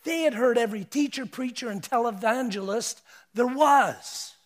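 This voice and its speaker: Male preacher, high-pitched, emphatic sermon delivery with hushed and loud swings. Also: moderate pace.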